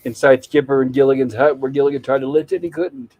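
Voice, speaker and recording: A man's voice: mid-range voice, quick pace, creaky, dark tone, low-quality recording. A man casually retelling a TV episode scene by scene as a podcast co-host, quoting its lines in his own plain voice.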